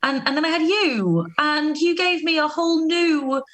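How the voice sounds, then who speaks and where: Woman as a jaded mum, fairly high voice, crude, weary, sweary. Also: lively intonation, moderate pace, a bit bright. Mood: weary ranting. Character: jaded, crude middle-aged mother. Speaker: comedy panelist. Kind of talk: improvised comedy role-play.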